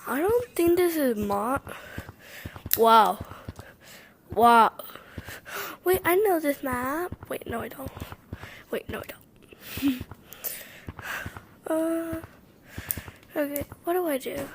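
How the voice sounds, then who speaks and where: A woman's voice: high voice, lively intonation, slow pace, pauses often, noisy background. A woman giving casual, chatty gameplay commentary, exclaiming and giggling to herself as she plays. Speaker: gaming vlogger.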